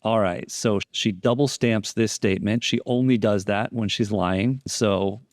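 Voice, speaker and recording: A man's voice: lowish voice, measured pace, no echo, studio quality. A man instructing on deception analysis, explaining interrogation footage in a methodical way and repeating key phrases for emphasis.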